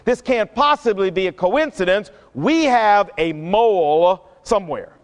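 Stern suspicious king, done by a man, gruff, lowered, long echo. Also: expressive, unhurried. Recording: long hall reverb.

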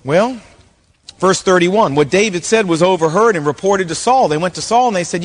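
A man, a pastor, giving an animated sermon with jokey storytelling. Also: sits high, brisk. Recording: long reverb of a large hall.

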